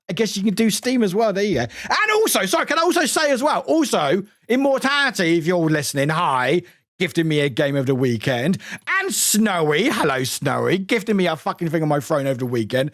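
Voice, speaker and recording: Animated British man chatting on stream. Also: high-pitched, moderate pace, no echo, clean studio sound. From United Kingdom. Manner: chatty and animated, swears freely, laughs often, shouts out chat viewers. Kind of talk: casual live-stream chat.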